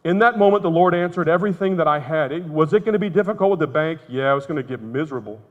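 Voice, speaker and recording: A man's voice: a little high, expressive, racing. A middle-aged man giving an earnest, emotional testimony as a conference speaker. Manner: earnest storytelling, candid and emotional. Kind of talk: testimony talk. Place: conference hall. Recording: muffled, reverberant hall sound.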